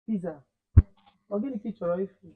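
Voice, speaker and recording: A man's voice: sits high, fast talker, phone-quality sound. A man teaching a language class to children, quizzing them, repeating and correcting phrases, switching between two languages. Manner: switches between Igbo and English.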